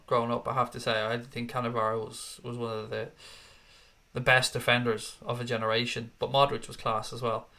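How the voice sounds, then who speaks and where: Scouse guy hosting a live stream, bright punchy voice, middle-aged, swears a lot, rants about snacks. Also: mid-range voice. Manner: sweary, quick to rant in mock outrage. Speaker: host. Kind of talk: casual live-stream chat reading viewer comments.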